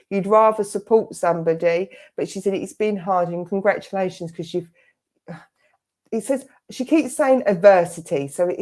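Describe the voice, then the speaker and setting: A woman's voice: lowish voice, a little mellow. A middle-aged woman giving a clairvoyant reading as a spiritualist medium, chatty and full of quoted asides. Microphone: online service stream.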